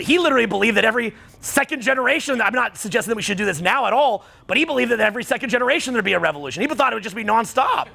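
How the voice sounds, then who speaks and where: High, gravelly, profane seminar coach. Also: male voice, pushed and bright. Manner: blunt, profane, rising to heated outbursts. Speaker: dating and social skills coach. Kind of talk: seminar talk to a live audience.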